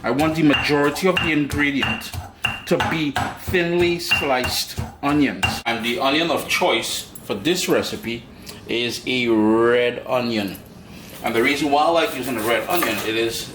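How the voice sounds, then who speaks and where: A man with a Caribbean accent walks viewers through a recipe in a friendly, playful way, tossing in asides as he goes. His voice sits at an ordinary middle pitch. The kitchen is echoey, with faint clinks of cutlery and pots behind him. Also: background noise. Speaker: cooking show host. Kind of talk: cooking demonstration. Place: home kitchen. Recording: echoey kitchen with utensil clatter. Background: clinking dishes and cutlery.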